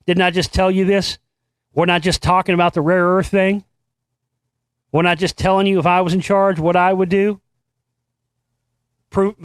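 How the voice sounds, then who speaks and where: A man hosting his own commentary show, his voice high for a man, reads an article aloud and derides it with sarcastic, profane jabs. The audio is close and dry, with no room echo.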